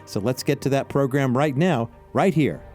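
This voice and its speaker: A man's voice: mid-range voice, normal speed, darkish tone, faint music behind. A man announcing a radio program, reading a polished scripted introduction. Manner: smooth, polished announcer read. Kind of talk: scripted narration.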